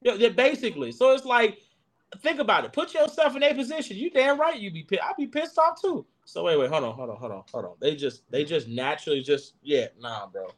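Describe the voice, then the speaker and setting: Young man panelist, high lively voice, swearing freely as he riffs and backtracks. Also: fairly quick. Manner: profane, animated riffing with many restarts. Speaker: podcast panelist. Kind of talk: casual chat.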